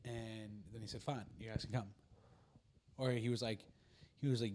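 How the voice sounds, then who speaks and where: Lowish-voiced man retelling a movie, rambling. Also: steady tone, normal speed, a little mellow. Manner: rambling storytelling that acts out characters' lines, swears freely. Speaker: podcast host. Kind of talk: casual chat, retelling a movie plot.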